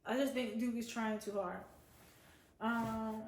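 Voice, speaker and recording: A woman's voice: on the high side, steady tone, slow, pauses often, reverberant. A woman casually giving an opinionated, chatty review of a reality show. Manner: chatty, opinionated, quotes others in voices. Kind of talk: casual chat.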